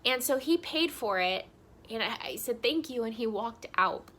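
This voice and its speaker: Bright-voiced young woman tearfully telling a story. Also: a little high, expressive, normal speed. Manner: emotional, tearful, heartfelt, with frequent ums and likes. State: crying. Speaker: vlogger. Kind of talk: personal vlog storytelling.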